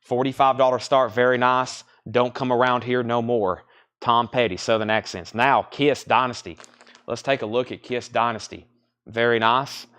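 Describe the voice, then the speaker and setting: A man hosting a live-streamed record sale, briskly calling out records, prices and conditions. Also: medium pitch, fairly bright tone.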